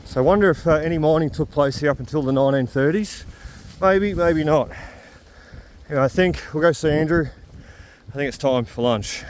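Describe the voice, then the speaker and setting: An Australian metal detecting vlogger chats casually to his camera on a rainy hillside, his fairly high voice fairly quick. He's chatty and laughs easily, with a little hiss or hum in the audio.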